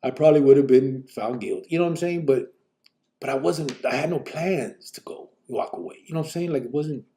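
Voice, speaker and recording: Profane gravelly man, blunt storytelling. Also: mid-range voice, fairly quick, dark tone. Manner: blunt and profane, lots of "you know what I'm saying". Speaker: host telling his life story on a live stream. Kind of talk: casual live-stream storytelling.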